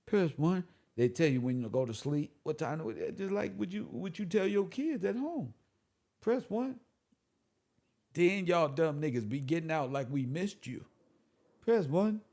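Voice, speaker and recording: A man speaking who delivers a preachy, swearing monologue to his viewers, swinging between loud and soft. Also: on the high side. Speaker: online commentator.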